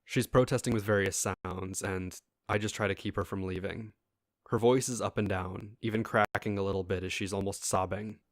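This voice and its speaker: This story reader has a fairly low, steady voice and reads at normal speed, relaxed and casual, from a first-person narrative. Now and then he pauses to speak straight to his audience. The sound is dry and close-miked, with no echo.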